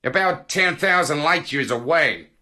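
Brief: man doing a gruff, bossy eagle ticket seller, clipped and matter-of-fact, unhurried. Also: fairly high pitch, lively intonation, bright, forceful tone, full character voice. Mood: curt.

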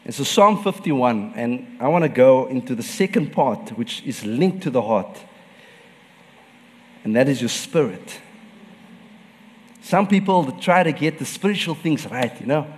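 Pastor preaching in a reverberant hall. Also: male voice, medium pitch, expressive, a little slow, pauses often. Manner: personal storytelling, laughs often. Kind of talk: sermon.

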